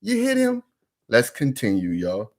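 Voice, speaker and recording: A man's voice: mid-range voice, huge pitch swings, a little slow, background noise. A man giving casual reaction commentary, emphatic and full of street slang, often calling out to his viewers.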